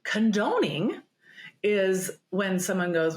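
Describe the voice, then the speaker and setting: A woman's voice: fairly low pitch, normal speed. A woman therapist, a podcast guest, explaining in an earnest, emphatic, conversational way. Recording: roomy echo.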